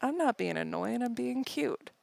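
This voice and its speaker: A woman's voice: on the high side, animated, moderate pace, vocal fry, a little mellow, dry recording, studio quality. A woman co-hosting a podcast in casual chat, giggly and self-mocking, tripping over her own words. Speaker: podcast co-host.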